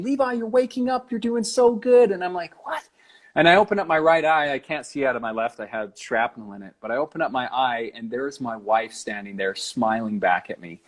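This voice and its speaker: A young man speaks as an interview guest with a voice of ordinary middle pitch for a man. He tells his story in a heartfelt, earnest way, as personal testimony. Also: a bit bright.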